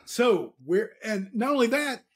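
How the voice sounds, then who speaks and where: A man's voice: sits high, lively intonation, unhurried. A man being interviewed as a guest author, talking candidly and earnestly with frequent restarts. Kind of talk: casual interview chat.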